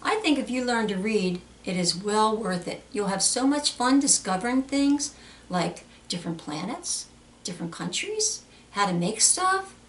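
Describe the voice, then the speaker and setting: A woman hosting a children's storytime, reading aloud in an animated, sing-song way with playful animal sounds. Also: mid-range voice, moderate pace, slight background noise. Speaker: children's librarian. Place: public library. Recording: echoey room, mic at a distance.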